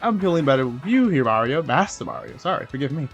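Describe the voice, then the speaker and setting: A man's voice: mid-range voice, big pitch swings, quick pace, creaky, breathy edge, muffled recording, faint music behind, heavily acted. A man voicing a fussy, very proper old male mushroom steward with pompous, old-fashioned speech. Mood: fretful.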